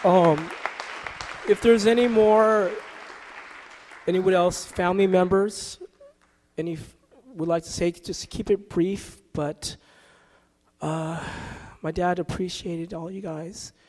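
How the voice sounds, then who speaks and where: A man leading part of a church funeral service, speaking in a quiet, measured way and singing briefly. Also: sits high, steady tone, a faint crowd, a little hiss or hum. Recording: church hall reverb with congregation.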